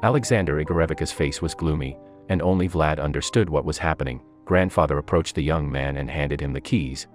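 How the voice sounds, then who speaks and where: A man reading a translated story aloud as a narrator, in an even, measured way. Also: very deep voice, faint music behind.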